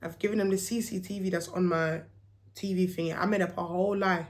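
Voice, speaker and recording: A woman's voice: lowish voice, brisk. A young woman, telling a personal story in a casual vlog and acting out what people said. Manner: animated, acts out quoted dialogue, slangy.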